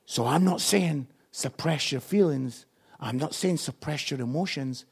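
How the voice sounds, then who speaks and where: A man preaching a sermon, impassioned, swinging between hushed lines and loud ones. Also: fairly high pitch, measured pace, gravelly, husky.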